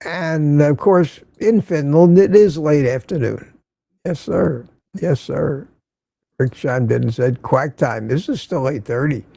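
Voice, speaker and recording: A man's voice: a little high, measured pace, vocal fry, warm tone, no echo, studio quality. An older man hosting a casual morning livestream, greeting viewers by name and reading the chat aloud. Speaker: livestream host.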